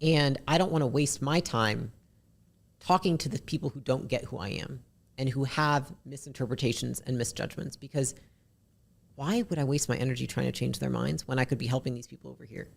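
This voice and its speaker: A woman with a deep, raspy voice, a podcast guest talking bluntly and candidly, swearing casually. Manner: blunt, swears casually, talks fast in bursts.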